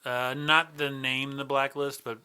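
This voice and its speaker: A man's voice: medium pitch, little pitch movement, measured pace, sharp tone, smooth. A man who is a stand-up comedian, a guest on a casual podcast, teasing and swearing loosely. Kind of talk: casual chat.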